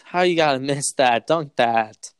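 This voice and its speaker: A young man co-hosting a casual sports podcast, excitable and full of slang and swearing. His voice is smooth and clear, recorded close and dry with no room around it. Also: medium pitch, a little slow, dry recording. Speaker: podcast co-host.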